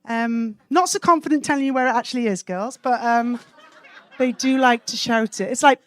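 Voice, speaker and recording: A woman from Wales performing a cheeky stand-up set, landing punchlines deadpan on a comedy club stage. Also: a little high, normal speed.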